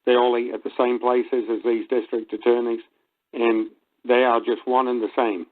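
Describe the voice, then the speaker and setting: A man calling in to a radio talk show, speaking in an earnest, halting way. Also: mid-range voice, flat delivery. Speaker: caller. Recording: tinny phone line.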